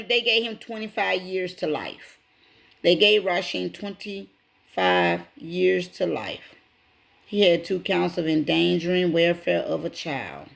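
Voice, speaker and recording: A woman's voice: fairly low pitch, creaky. A woman hosting her own channel, casually retelling a story to her viewers, speaking emphatically, repeating key points and calling them y'all. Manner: addresses viewers directly as y'all. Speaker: channel host.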